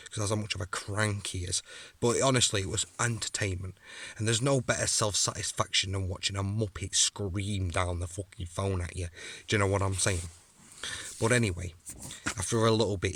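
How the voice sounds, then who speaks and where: A man's voice: sits low, a bit bright, no echo. A young man ranting angrily to camera at a rival, aggressive and sweary. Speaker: amateur fighter calling out a rival. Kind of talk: angry rant to camera.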